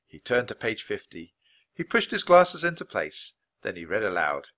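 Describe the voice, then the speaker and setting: A man reading a children's chapter book aloud for language learners, clear and measured. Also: lowish voice, very animated, sharp tone. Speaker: storybook reader. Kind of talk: scripted narration for language learners.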